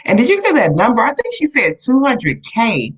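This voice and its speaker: A woman's voice: fairly high pitch, wildly swooping pitch, moderate pace, husky, low-quality recording. A woman co-host speaks in an upbeat, encouraging way during casual live promotional chat, talking straight to her viewers. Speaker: co-host of a live online show.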